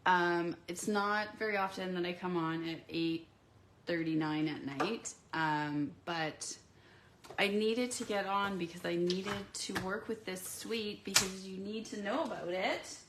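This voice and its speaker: A woman's voice: fairly low pitch, measured pace, noisy background. A sick, congested woman chatting casually and rambling with lots of ums as she demonstrates papercraft products on a live stream from her home craft desk.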